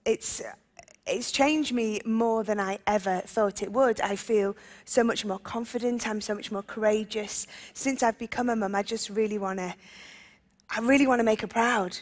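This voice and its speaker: A woman's voice: medium pitch, steady tone, normal speed, long reverb tail. A woman in her thirties with a Liverpool accent, cheerfully answering interview questions. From England. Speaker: interview guest, singer. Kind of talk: casual interview chat.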